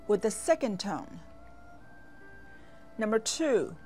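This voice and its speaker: A woman teaching as a language instructor, speaking in a slow, deliberate instructional manner with clear, careful enunciation and long pauses. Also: fairly high pitch, very animated. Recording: voice over soft background music.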